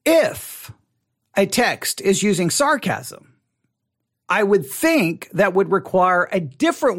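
Running an informal online Bible study, the pastor talks conversationally and quizzes his listeners, frequently backtracking and repeating himself. He has a high-pitched, slightly bright male voice.

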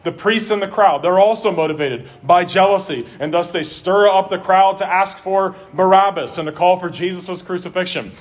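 Male pastor with a slightly high voice, earnest preaching delivery. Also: moderate pace, hardly any pauses. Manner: earnest preaching, varies pace and volume for emphasis. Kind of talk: sermon.

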